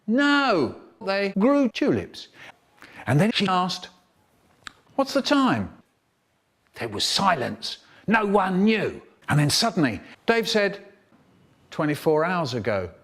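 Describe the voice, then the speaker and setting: Guy telling funny kid stories, slow and really expressive, does all the voices. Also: high voice, breathy edge. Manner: animated, mimicking other voices. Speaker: storyteller. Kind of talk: comic storytelling, remixed.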